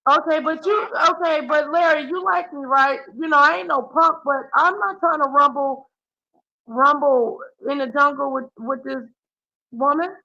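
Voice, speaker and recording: A woman's voice: high voice, fairly even intonation, normal speed, bright, forceful tone, lo-fi sound. A woman hosting a casual live-stream chat, exclaiming often and teasing her callers. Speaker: host.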